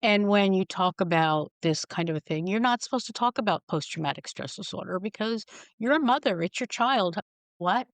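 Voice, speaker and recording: A woman's voice: medium pitch, expressive, fairly quick, no echo. A middle-aged woman speaking frankly as a podcast guest, telling wry stories and acting out the people in them. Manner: frank, wry, acts out quoted voices. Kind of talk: candid storytelling conversation.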